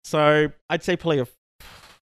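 A man's voice: fairly high pitch, steady tone, slow, a bit bright, smooth, no echo. A man, co-hosting a gaming podcast in casual, teasing banter with plenty of swearing. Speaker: podcast co-host. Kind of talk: casual chat. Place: studio. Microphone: podcast mic.

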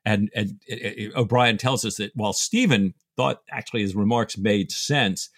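A man co-hosts a book podcast, retelling scenes with amused, chatty asides. His voice is husky. The recording is dry and close. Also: fairly low pitch, moderate pace, a bit bright, dry recording. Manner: chatty, amused, says "you know" often. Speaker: podcast co-host.

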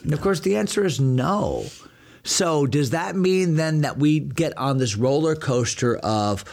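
A man's voice: a little high, expressive, a little slow. A pastor teaching a Bible passage in a conversational discussion, earnest and working through his points with rhetorical questions.

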